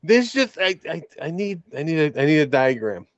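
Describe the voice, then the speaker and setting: A man's voice: fairly high pitch, big pitch swings, brisk, dry recording, muffled recording. A man co-hosting a horror film podcast in casual chat, blunt and stumbling over his restarts. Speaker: podcast co-host.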